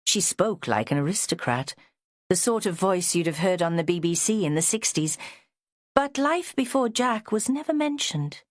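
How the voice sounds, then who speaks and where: A woman reading an audiobook in measured, expressive scripted narration. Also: fairly low pitch, no echo, clean studio sound.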